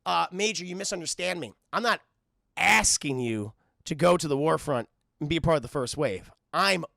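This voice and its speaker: A man's voice: a little high, lively intonation, normal speed, gravelly, bright, forceful tone, no room sound, clean studio sound, exaggerated voice. A man voicing a stern, scheming older male army general who gives curt commands.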